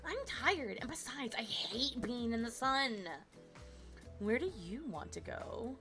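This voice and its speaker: A woman's voice: fairly high pitch, animated, slow. Bubbly, gushing young woman streamer. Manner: bubbly and gushing, squealing and swearing. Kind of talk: casual gameplay commentary. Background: faint game music.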